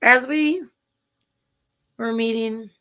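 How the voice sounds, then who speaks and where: A woman's voice: fairly high pitch, drawn-out words, sharp tone, clear, resonant tone. A woman with a Minnesotan accent, co-hosting a livestream show, chatting enthusiastically and rambling with restarts over a video call. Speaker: show co-host. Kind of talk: casual livestream chat.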